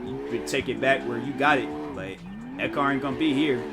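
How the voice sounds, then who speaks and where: A man, a game streamer telling stories in casual chat and jumping into high mock voices. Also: fairly quick, creaky, heavy background noise. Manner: animated storytelling, jumps into high-pitched mock voices. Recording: music playing behind.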